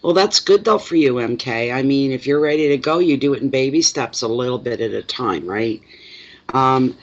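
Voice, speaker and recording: A Canadian-accented man talks through a live tarot reading in a chatty, plainspoken way, repeating words for emphasis and answering chat comments. His pitch sits in an ordinary middle range. The recording is dull and lo-fi. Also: normal speed. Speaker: tarot reader.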